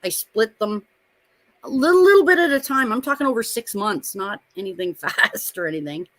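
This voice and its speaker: Stream co-host, woman, 50s, blunt and animated storyteller, dry close sound. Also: mid-range voice, moderate pace, no echo. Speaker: co-host of a live watch party stream. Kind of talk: casual chat.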